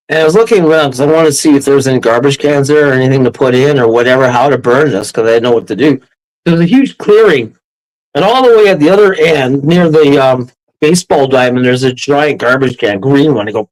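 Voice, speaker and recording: A man telling a ghost story as a podcast guest, animated, laughing often and acting out quotes. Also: on the high side, rough recording. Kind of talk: casual storytelling.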